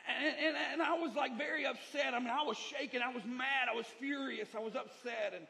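A man's voice: very high-pitched, steady tone, fairly quick, creaky, pushed and bright. A middle-aged male pastor preaching a sermon, emphatic and repetitive, moving between lessons and personal stories.

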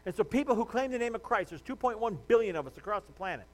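A pastor delivering a sermon in a conversational way, repeating words and acting out little dialogues, slowing down to stress his main points. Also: high voice, lively intonation. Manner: conversational preaching with restarts and acted-out dialogue.

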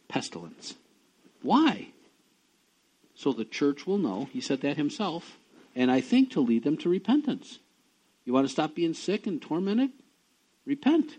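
A middle-aged man preaching a sermon, emphatic, dropping low and quiet and then rising loud and high. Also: low-quality recording. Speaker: pastor.

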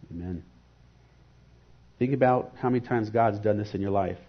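A man's voice: fairly low pitch, lo-fi sound. A man giving an earnest, reflective devotional sermon and posing rhetorical questions.

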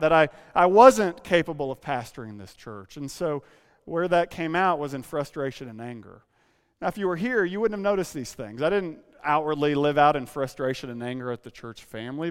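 A pastor in his thirties preaches from the front of a church sanctuary, telling his own story in a frank, confessional way and often restarting mid-phrase. His voice is smooth and resonant, pitched a little high for a man. The sound carries a long reverb from the hall. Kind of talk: sermon.

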